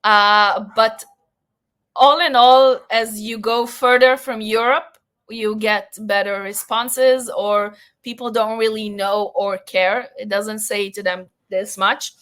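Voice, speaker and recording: A woman's voice: mid-range voice, fairly even intonation, slow pace, a bit bright. A young woman from Israel with a light Israeli accent, speaking frankly as a guest in a casual podcast interview. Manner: frank, matter-of-fact.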